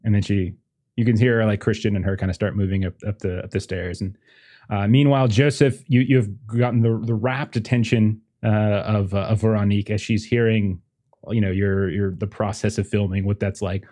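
A man running a tabletop horror game, rambling and restarting as he narrates. His voice is low, dark and a little husky. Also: fairly even intonation, fairly quick. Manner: rambling, full of fillers and restarts. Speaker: game master.

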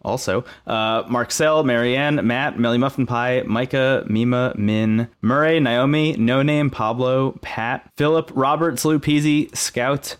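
A man's voice: mid-range voice, steady tone, unhurried, hardly any pauses, smooth. Rambling male podcast co-host. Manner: rambling, many fillers and restarts. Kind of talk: casual podcast chat.

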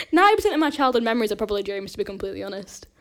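A woman's voice: mid-range voice, big pitch swings, rapid-fire. A woman chatting on a podcast as the guest, giggly and self-deprecating, rambling through her stories with lots of fillers. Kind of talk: casual podcast chat.

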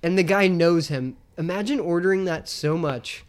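A man's voice: sits high, normal speed. A tipsy man co-hosting a podcast, chatting casually about a movie in a rambling, profane way, laughing often. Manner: rambling, profane, laughing storyteller who mimics characters. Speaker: podcast co-host.

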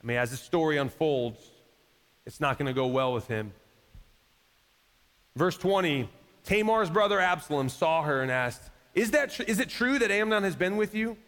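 A man's voice: a little high, expressive, moderate pace, a bit bright. A man preaching a sermon as pastor, in a conversational style that acts out quoted voices and rises to emphatic peaks. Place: church sanctuary. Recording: long reverb of a large hall.

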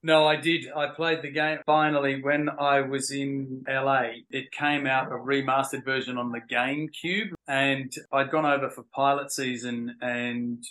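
Brief: middle-aged Australian male guest, bright tone, reflective anecdotes. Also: medium pitch, level tone, a little slow, hardly any pauses, poor audio. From England, moved to Australia at ten. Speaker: guest actor. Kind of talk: casual interview chat.

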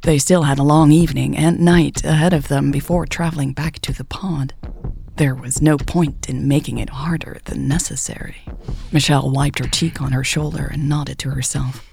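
A woman narrating a romance audiobook in a soft, often whispery delivery. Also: deep voice, fairly even intonation, moderate pace, vocal fry, a little hiss or hum. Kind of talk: scripted narration.

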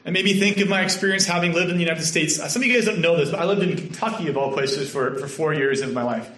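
High-voiced Canadian pastor preaching. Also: male voice, fast. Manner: storytelling, earnest, sometimes dropping to a soft hush. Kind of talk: sermon. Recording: echoey room.

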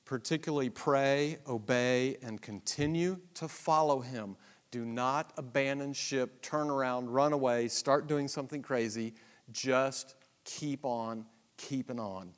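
A man preaching a Bible lesson, animated and self-deprecating, asking the audience many rhetorical questions. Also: mid-range voice, unhurried, smooth. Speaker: pastor. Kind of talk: sermon-style Bible teaching.

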